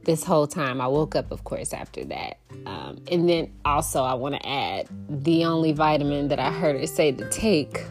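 A woman's voice: low voice, normal speed, hardly any pauses. A young adult woman hosting a podcast, sharing a personal story in a heartfelt way and laughing often. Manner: heartfelt, animated when quoting herself, laughs often. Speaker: podcast host. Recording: faint guitar music behind.

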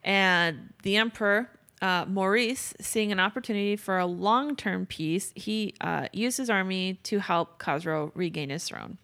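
A woman's voice: medium pitch, unhurried, hardly any pauses, a bit bright. A young woman casually retelling a stretch of history for a podcast, rambling, swearing and correcting herself as she goes. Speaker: podcast host telling history. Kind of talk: casual storytelling chat.

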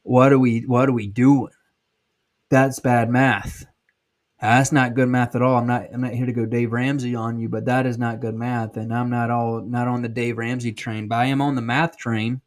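A man's voice: mid-range voice, flat delivery, normal speed. A man in his thirties from South Georgia with a Southern accent, giving blunt, folksy advice in a casual podcast monologue. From South Georgia, USA. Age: 30s. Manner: blunt, folksy, emphatic, with many ums and restarts. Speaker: podcast host and sales trainer.

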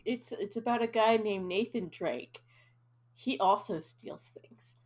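A woman's voice: mid-range voice, a little slow. A young woman co-hosting a casual podcast, joking and swearing freely. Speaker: podcast co-host. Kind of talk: casual chat.

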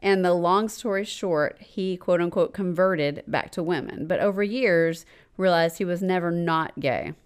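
A woman in her forties co-hosting a casual podcast, reading a listener letter aloud with dramatic pauses and frequent laughter. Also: on the low side, smooth. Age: 40s. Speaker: podcast co-host.

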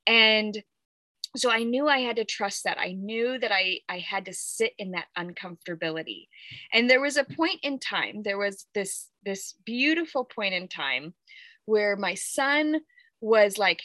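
A woman's voice: a little high, lively intonation, unhurried, bright, forceful tone, no echo. A woman in her thirties talking candidly and at length in a rambling, reflective monologue, laughing often as she goes. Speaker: podcast host.

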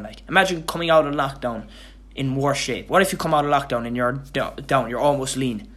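A man's voice: medium pitch, brisk, fairly bright tone. A tired young man hosting his own podcast, talking in a loose, rambling way with lots of restarts and casual swearing. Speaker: podcast host. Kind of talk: casual motivational monologue.

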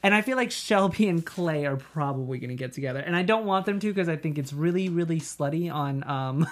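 A man on a TV after-show panel, chatting casually with plenty of ums and quick giggles. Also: a little high. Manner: hesitant, many ums, giggly. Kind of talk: casual chat.

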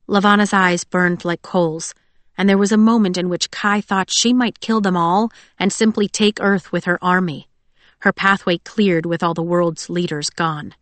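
A woman narrating a novel in a steady, even storytelling voice. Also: lowish voice, normal speed, no echo. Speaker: audiobook narrator. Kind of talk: scripted narration.

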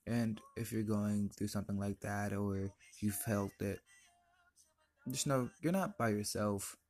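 A man's voice: on the low side, fairly even intonation, measured pace, a little mellow. A teenage boy hosting his own podcast, telling a personal story in an earnest, emotional, confiding way. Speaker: podcast host.

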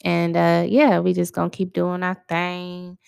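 Slow, smooth-voiced woman podcast host with vocal fry. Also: lowish voice, completely flat delivery, darkish tone. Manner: laid-back, conversational, loose slangy phrasing. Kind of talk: casual solo podcast chat.

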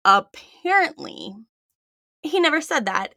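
A woman's voice: on the high side, big pitch swings, slow, pushed and bright, no echo, studio quality. A woman co-hosting a casual chat, earnest and matter-of-fact as she reports what she looked up. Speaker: podcast co-host.

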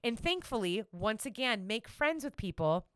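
A woman's voice: on the high side, normal speed, clear, resonant tone, no echo, studio quality. A woman telling a travel story in casual chat, giggling and acting out quotes. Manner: animated, giggly, acts out quotes.

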